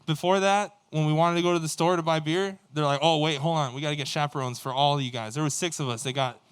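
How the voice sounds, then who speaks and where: A band member telling a story casually on a livestream, cursing freely and acting out what other people said. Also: male voice, on the high side, fast, clean tone. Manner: animated, profane, acts out quoted dialogue.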